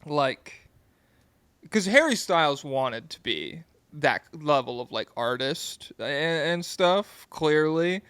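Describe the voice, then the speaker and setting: Young male podcast co-host, rambling and laid-back, smooth voice, dry close-miked sound. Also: a little high, lively intonation, slow pace, a bit bright, dry recording. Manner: rambling, laid-back, swears and giggles often. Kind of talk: casual chat.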